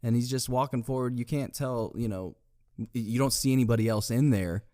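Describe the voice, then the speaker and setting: A man's voice: medium pitch, brisk, mellow, dry recording, clean studio sound. A man co-hosting a podcast in casual chat, describing scenes step by step with fillers and light laughs. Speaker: podcast co-host.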